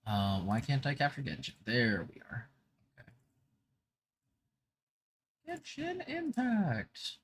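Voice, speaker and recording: A man's voice: fairly low pitch, animated, normal speed, fairly bright tone. Chatty upbeat young man streaming. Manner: chatty, upbeat, full of fillers. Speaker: VTuber streamer. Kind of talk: casual gaming livestream chat.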